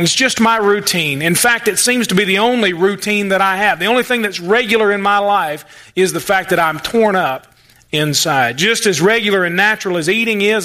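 Male pastor, high bright voice, chatty sermon delivery. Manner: conversational preaching, acts out the psalmist's voice.

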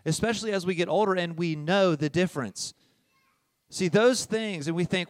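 Animated preacher man, dry close sound. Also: sits high, normal speed, no echo. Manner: conversational, often adding "all right?" and "okay?"; animated, swinging from soft asides to loud emphasis. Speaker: pastor. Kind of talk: sermon.

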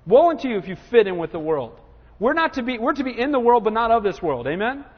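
Male pastor, high voice, emphatic sermon, lo-fi church hall echo. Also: sing-song, fast. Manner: emphatic, repeatedly asks the congregation "Amen?". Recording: dull lo-fi sound with long hall reverb.

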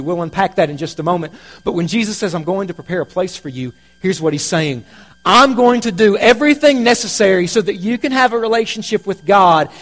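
A man preaching a sermon, telling stories in a conversational way, going from loud emphasis to hushed asides. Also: high voice. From Kentucky. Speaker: pastor.

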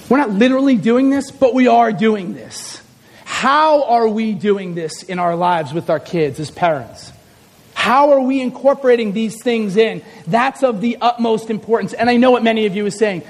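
A man's voice: extremely high pitch, normal speed, long reverb tail. A man preaching a sermon as pastor, talking conversationally and building to emphatic appeals, in a church sanctuary.

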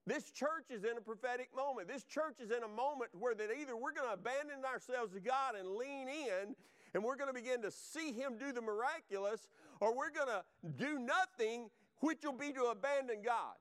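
A man's voice: very high voice, moderate pace, a bit bright. A male pastor preaching a sermon, fervent and exhorting, driving points home by repetition.

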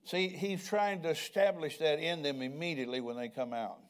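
A man's voice: on the high side, normal speed, smooth. An older man preaching a sermon in a conversational way, often asking the congregation questions. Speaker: pastor.

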